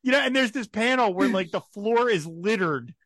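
A man co-hosting a casual comics podcast, animated and laughing often, slipping into mock voices for asides. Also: sits high, normal speed, dry recording, clean studio sound. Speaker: podcast co-host. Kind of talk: casual chat about comics.

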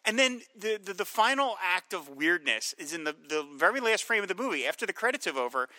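A man co-hosting a film podcast in casual chat, animated and often acting out movie lines in a high shout. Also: a little fast, no echo. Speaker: podcast co-host.

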